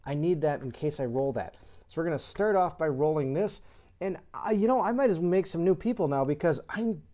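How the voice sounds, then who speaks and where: A chatty host talks through a solo board game, reading rule cards aloud and puzzling over choices. The voice is mellow and warm, with frequent laughter and bursts of excitement. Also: mid-range voice, a little fast. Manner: laughs often and gets excitable. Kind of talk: casual solo board game playthrough commentary.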